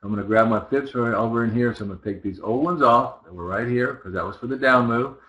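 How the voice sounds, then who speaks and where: A man's voice: mid-range voice, fast talker, bright, forceful tone, low-quality recording. A man teaching currency trading, talking casually through his charts and often checking in with listeners. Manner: conversational, talks while working, asks listeners rhetorical checks. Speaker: trading instructor. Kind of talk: live chart walkthrough.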